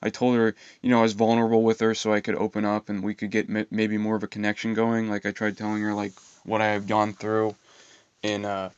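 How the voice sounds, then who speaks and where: A young man telling a rambling personal story in an aggrieved, profane way, halting with fillers. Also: fairly low pitch, completely flat delivery, clear, resonant tone, no echo, lo-fi sound. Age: young adult. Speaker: vlogger.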